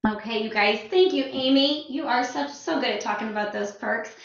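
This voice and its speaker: A woman's voice: fairly high pitch, normal speed, gravelly. Bubbly woman host, distant and echoey. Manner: bubbly, full of fillers. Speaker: event host introducing a guest. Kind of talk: upbeat sales event hosting. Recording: distant echoey muffled audio.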